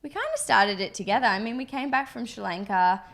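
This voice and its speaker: A woman's voice: medium pitch, a little fast, creaky, a bit bright. Chatty young woman co-host, loose and rambling, talks business with her partner. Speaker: podcast co-host, business co-founder. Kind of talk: casual chat.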